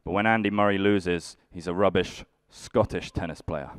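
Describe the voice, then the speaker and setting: A man's voice: low-pitched, steady tone, normal speed, clear, resonant tone, no echo. A young man doing live stand-up comedy, grumpily bantering with the audience in a dry way. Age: young adult. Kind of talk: live stand-up with crowd work.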